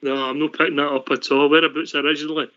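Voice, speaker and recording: Scottish radio host guy, cheeky teasing banter, higher voice, dull lo-fi sound. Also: flat delivery, very fast, bright, forceful tone, slight background noise. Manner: jokey, teasing. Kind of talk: phone-in radio hosting. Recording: dull lo-fi line.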